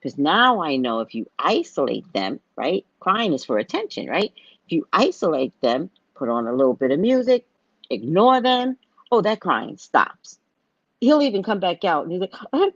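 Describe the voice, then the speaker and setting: An older woman hosts a casual live talk, her low voice swinging widely as she tells stories and plays out the people in them. The sound is dry and a little dull. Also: moderate pace, breathy edge, dry recording. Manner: animated storytelling, acting out quoted voices. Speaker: psychic reader and live show host.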